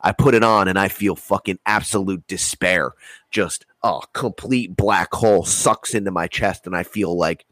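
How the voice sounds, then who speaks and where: Low-voiced dude rambling thru a story, swears constantly, dry mic. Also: male voice, normal speed, no echo. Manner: rambling, heavy swearing, animated retelling. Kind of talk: casual storytelling chat.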